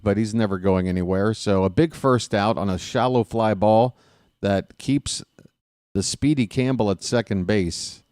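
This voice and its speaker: Low-voiced Baltimore man calling baseball. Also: dry recording, studio quality. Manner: excited fan rooting for his team. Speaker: play-by-play announcer. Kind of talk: solo baseball play-by-play commentary.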